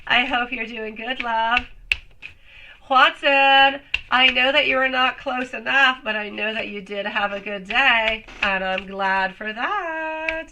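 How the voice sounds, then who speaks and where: A woman's voice: a little high, slow pace, pushed and bright, slight background noise, low-quality recording. A woman doing a live tarot reading, chatty and affectionate, calling viewers sweetie and love, her voice still a little off while she recovers. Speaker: tarot reader.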